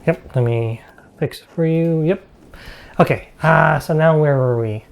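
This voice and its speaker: A man running an online tabletop game as game master, halting and full of fillers. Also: on the high side, creaky.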